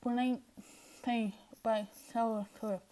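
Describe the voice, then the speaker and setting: A woman's voice: on the high side, fairly even intonation, slow, dark tone. A woman vlogger giving a brief, plain spoken introduction to her song cover.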